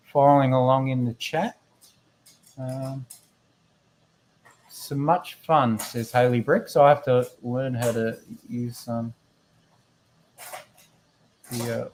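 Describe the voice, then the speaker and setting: Here the guest co-host's medium-pitched voice carries a little hiss or hum from his computer mic. Chatting casually on the live stream, he wanders from topic to topic, jokes at his own expense and reads the chat out loud.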